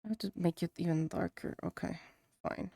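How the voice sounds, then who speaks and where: A woman's voice: fairly low pitch, fairly even intonation, normal speed, vocal fry, dark tone, no room sound, clean studio sound. A woman streamer chatting casually to herself as she works on a drawing. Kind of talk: casual chat while drawing.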